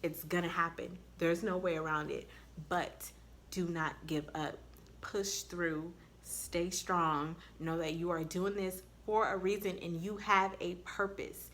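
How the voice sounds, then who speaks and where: A woman nurse talks straight to her viewers in a casual advice vlog. Her voice sits a little low but sounds bright and forceful. She tells candid stories and swears bluntly. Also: steady tone, a little slow, a little hiss or hum. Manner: blunt, candid storytelling with profanity.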